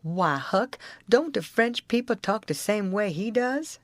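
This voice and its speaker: A woman's voice: mid-range voice, expressive, measured pace, dry recording, pitched above the performer's own voice, close to an everyday voice. A woman doing a stubborn grown runaway man, folksy and indignant. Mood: puzzled. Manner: folksy rural dialect, argumentative and indignant.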